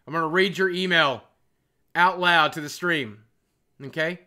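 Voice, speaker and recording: A middle-aged man chatting and joking with his viewers on a live stream, teasing them and swinging between loud and quiet. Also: on the high side, measured pace. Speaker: livestreamer. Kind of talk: casual live-stream chat.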